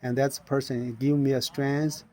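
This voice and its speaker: A man's voice: mid-range voice, level tone, moderate pace, darkish tone. A middle-aged man earnestly telling a personal story in non-native English, acting out the voices of people he met. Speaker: inventor sharing his story.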